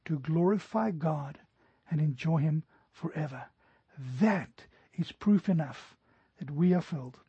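A middle-aged man preaching a sermon earnestly, slowing down to stress scripture. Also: a little high, dark tone, breathy edge, no room sound. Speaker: pastor. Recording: dry, dull lo-fi recording.

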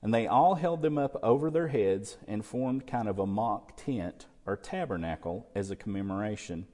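A man's voice: lowish voice, moderate pace, mellow, in a large hall. A man preaching a sermon, explaining scripture and asking the congregation rhetorical questions. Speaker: pastor.

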